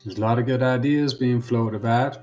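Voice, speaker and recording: A man playing a tabletop game, speaking in a soothing, placating way to calm the group. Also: medium pitch, brisk, lo-fi sound, over music. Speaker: player. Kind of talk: tabletop role-play.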